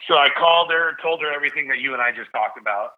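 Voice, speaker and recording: A man in his thirties, a podcast guest, telling an emotional story and getting loud as he relives the big moments. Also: fairly high pitch, quick pace, slight background noise. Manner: animated, shouts when reliving big moments. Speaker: guest, stadium PA announcer. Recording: slightly dull lo-fi sound.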